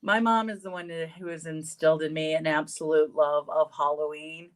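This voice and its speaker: Woman co-host, low pitch, casual, earnest, sincere sharing. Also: steady tone, normal speed. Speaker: show co-host. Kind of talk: casual heartfelt talk.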